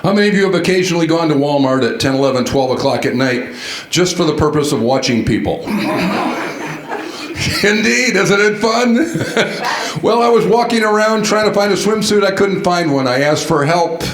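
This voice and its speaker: A man giving a storytelling keynote at a conference, animated and quizzing the audience with questions. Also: sits high, normal speed. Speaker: conference speaker. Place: large conference hall. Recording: echoey hall sound.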